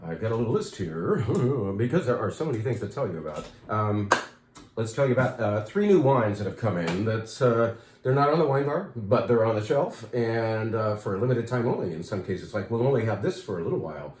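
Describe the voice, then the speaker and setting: Chatty low-voiced man in an echoey room. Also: lively intonation, fairly quick, darkish tone, slight background noise. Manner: chatty, enthusiastic, with fillers and asides. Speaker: wine shop host. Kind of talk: casual product talk.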